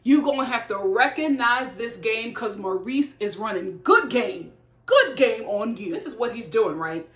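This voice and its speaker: A woman's voice: fairly high pitch, lively intonation, a little slow, fairly bright tone, echoey room. A woman reviewing a TV show in blunt, sassy casual chat, talking straight to her viewers.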